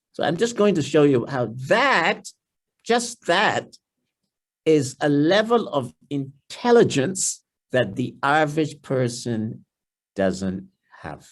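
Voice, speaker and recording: A man with a Trinidadian accent, a guest speaker at a church family series, explaining and often repeating words and restarting, and dropping into a lower, softer voice when he voices someone's inner thoughts. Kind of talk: seminar-style talk in church.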